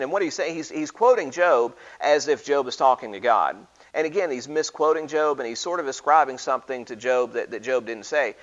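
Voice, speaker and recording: A man's voice: mid-range voice, fairly quick, few pauses. Man teaching Bible study in an easygoing, stop-start way; medium voice, somewhat dull lo-fi sound. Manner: conversational, frequent restarts and fillers, reads scripture aloud.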